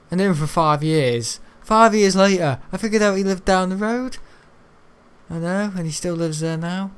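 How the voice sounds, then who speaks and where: A man's voice: on the high side, clear, resonant tone. A young man, chatting casually over a game stream, rambling and joking with frequent laughter. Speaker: gaming streamer.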